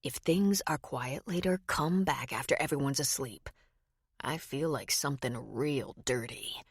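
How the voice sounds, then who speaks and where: A woman voicing a smooth adult male con man who is charming, slick and teasing, then menacing. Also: a bass voice, measured pace, dry recording, studio quality, pitched below the performer's own voice, heavily acted. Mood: sly.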